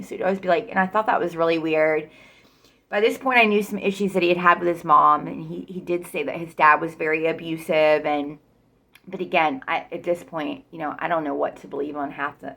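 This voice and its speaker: A woman's voice: lowish voice, a bit bright. A woman telling her own story casually and bluntly, rambling and swearing freely.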